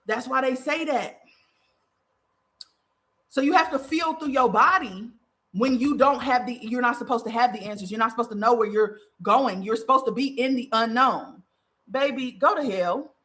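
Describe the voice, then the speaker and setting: A woman's voice: a little high, moderate pace, fairly bright tone. A woman podcast host giving a spiritual monologue, fiery and profane, repeating phrases for emphasis.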